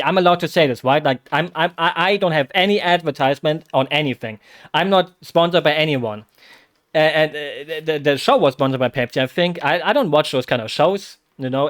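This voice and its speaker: A man streaming as a vtuber, reacting live to a football match in a rambling, excitable way with bursts of loud exclamations. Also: fairly high pitch.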